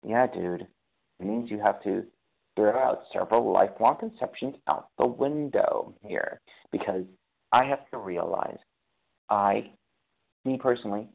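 A man in a recovery program shares in a casual spiritual recovery talk, rambling, correcting himself, and keeping it conversational. His voice is fairly low, gravelly, and husky at a normal speed, and the recording has a tinny, phone-like sound.

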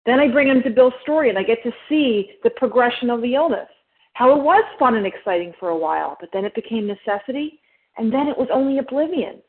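Higher-voiced woman with a New Jersey accent, emphatic and quick, sharing at a recovery meeting over the phone. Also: expressive. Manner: emphatic, fast-talking, explains step by step. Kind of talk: personal share at a recovery meeting. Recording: phone line.

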